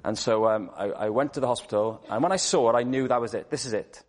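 A man's voice: mid-range voice, fast talker. A man gives a sermon with earnest conviction. He presses his listeners with rhetorical questions and repeats key words to drive his points home. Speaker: preacher.

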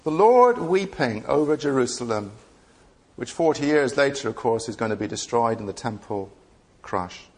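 A man's voice: mid-range voice, animated, normal speed, darkish tone. A man preaching a sermon in an earnest way, asking the listeners many rhetorical questions.

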